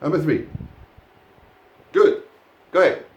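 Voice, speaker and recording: A man teaching a live pronunciation lesson to a class, praising students warmly as they answer. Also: on the high side, slow, reverberant, highs cut off. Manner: encouraging, lively praise of students. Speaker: English teacher.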